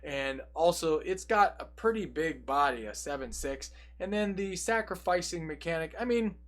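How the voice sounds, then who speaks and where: A young man casually walking through a card game deck, reading each card's text aloud and adding quick, jokey asides. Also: on the high side, expressive, a bit bright. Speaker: deck tech presenter.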